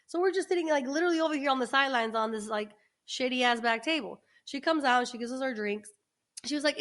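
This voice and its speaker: Woman podcast co-host, higher-pitched, animated, chatty storyteller. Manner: animated, chatty storyteller, restarts and quick asides. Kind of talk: casual storytelling.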